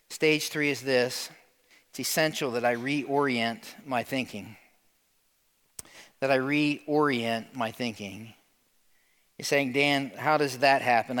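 A man's voice: mid-range voice, a bit bright, in a large hall. A male pastor preaching a sermon in a conversational way, often calling on the congregation to answer. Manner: conversational, calls on the congregation to respond.

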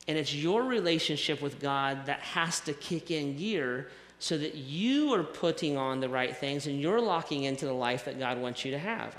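Bright-voiced male pastor in echoey hall. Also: fairly high pitch. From American South. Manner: conversational, self-deprecating preaching with repetitions. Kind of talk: sermon. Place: church sanctuary. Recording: echoey hall with long reverb.

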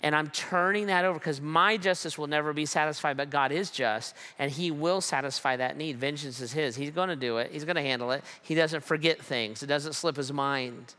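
A man's voice: on the high side, brisk, hardly any pauses, pushed and bright. A man preaching a sermon with emphatic repetition and rhetorical questions. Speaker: pastor.

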